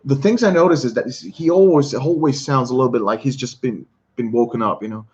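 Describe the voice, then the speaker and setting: A man hosts a relaxed livestream, reading comments and talking in a halting way. He often doubles back on his words and chuckles between thoughts. His voice sits at an ordinary middle pitch, and the stream audio sounds slightly dull. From Switzerland. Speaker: livestream host. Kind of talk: casual chat reading viewer comments.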